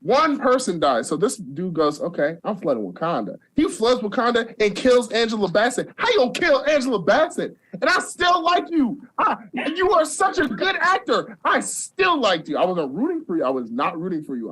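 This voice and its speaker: Animated young man recapping a movie. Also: high-pitched, moderate pace, hardly any pauses, husky. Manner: animated, acts out characters' lines, laughs often. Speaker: podcast guest. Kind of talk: excited movie recap chat.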